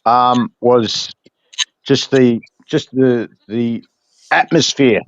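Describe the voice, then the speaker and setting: An Australian man chatting casually on a podcast, rambling and halting, searching for his words. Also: mid-range voice, no room sound. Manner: rambling, halting, full of fillers. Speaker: podcast co-host. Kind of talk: casual chat. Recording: dull lo-fi sound.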